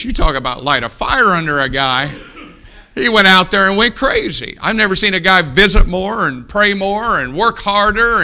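A man preaching a sermon, telling a folksy story in a hushed voice and then rising into loud exhortation. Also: high voice.

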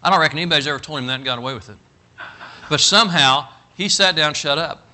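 Bright-voiced folksy preacher man. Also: on the high side, fast talker. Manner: folksy and animated, building to loud emphatic bursts. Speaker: pastor. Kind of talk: storytelling sermon.

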